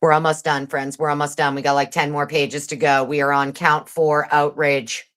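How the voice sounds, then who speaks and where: A woman with a low voice hosts a casual livestream. She reads a legal document aloud at speed and cuts in with sarcastic, cursing remarks to her viewers. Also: level tone, fairly bright tone. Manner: fast reader; sarcastic and profane. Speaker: livestream host.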